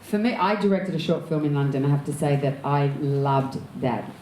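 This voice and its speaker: A woman with an Australian accent, an actor and director, telling candid anecdotes in a lively way and laughing often as an interview guest. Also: deep voice, moderate pace, echoey room, slight background noise, low-quality recording. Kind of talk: candid storytelling in an onstage conversation.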